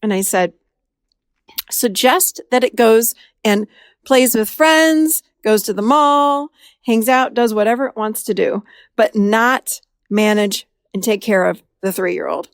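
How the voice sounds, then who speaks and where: A woman's voice: fairly high pitch, takes it slowly, no room sound, studio quality. A woman therapist hosting a podcast, telling a client's story casually and acting out the dialogue in a raised voice. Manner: animated, acts out dialogue in a raised voice.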